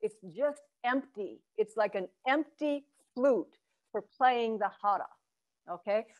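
Relaxed woman Zen teacher guiding voice work. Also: slow, dull audio. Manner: demonstrates chants and low vowel sounds from the belly; relaxed and encouraging, with light laughs. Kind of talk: voice and chanting workshop.

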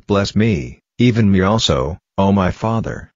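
A man's voice: low-pitched, lively intonation, a little slow, no room sound. A man reading the lines of a grieving adult son earnestly pleading with his father. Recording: dull lo-fi, dry.

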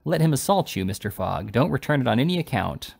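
A man voicing a pompous attorney who speaks in a stiff, menacing way, with a gravelly voice. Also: medium pitch, very animated, fast talker, darkish tone, no room sound, exaggerated voice. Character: pompous, threatening male attorney.

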